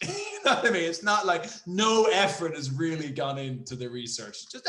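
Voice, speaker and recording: A man's voice: on the high side, very animated, moderate pace, few pauses, a bit bright, reverberant. A man co-hosting a podcast, chatting casually, rambling with many restarts and some swearing. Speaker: podcast co-host. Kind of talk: casual chat.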